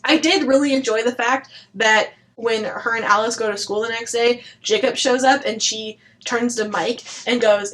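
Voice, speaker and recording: A woman's voice: fairly high pitch, normal speed, fairly bright tone, poor audio. A woman chatting casually through a book review, blunt and chatty, swearing now and then and saying "like" a lot.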